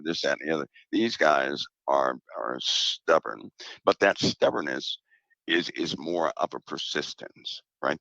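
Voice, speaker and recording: A man with an extremely low, gravelly voice, talking in a measured, emphatic way that circles back to repeat his point. The audio is dull and lo-fi but dry, with no room around it. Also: bright, forceful tone, no room sound. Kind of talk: casual conversation.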